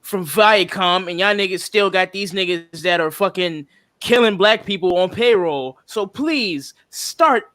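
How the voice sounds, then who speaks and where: Fired-up tipsy man with a bright voice. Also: high-pitched, normal speed, clear, resonant tone, dry recording. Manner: impassioned, profane, rambling rant. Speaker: podcast host. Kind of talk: casual podcast chat.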